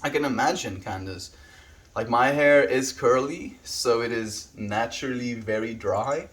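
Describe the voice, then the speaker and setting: A man talking on a live stream, greeting viewers one by one and reading their messages aloud in an easygoing, friendly way. His voice sits at an ordinary middle pitch, and the talk rambles casually as he answers questions. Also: unhurried, a bit bright. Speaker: livestreamer.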